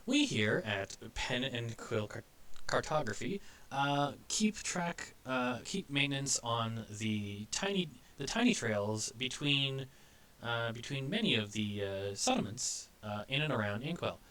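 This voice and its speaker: Man as a weary, halting cartographer toon. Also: mid-range voice, very animated, fairly bright tone. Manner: halting, full of uh and restarts. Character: weary male cartographer toon who rants. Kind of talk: tabletop role-play voice acting.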